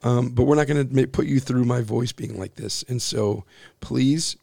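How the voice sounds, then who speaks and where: A man in his forties with a hoarse, husky voice from overuse, co-hosting a casual church podcast in a small office with a joking, self-deprecating manner. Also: mid-range voice, normal speed, darkish tone, no echo, studio quality. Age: 40s. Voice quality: gravelly, husky. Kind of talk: casual chat. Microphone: boom-arm studio mic.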